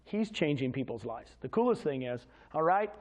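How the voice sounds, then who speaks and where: A man with a fairly high-pitched voice, speaking at a moderate pace, runs an energetic, motivational sales presentation for a real estate agents' meeting, quizzing the audience with questions.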